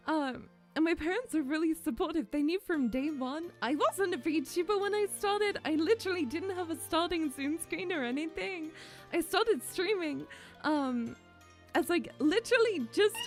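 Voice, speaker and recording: A young woman VTuber chatting casually with her viewers, giggly and emotional. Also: very high-pitched. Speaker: VTuber streamer. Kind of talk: casual chat with stream viewers.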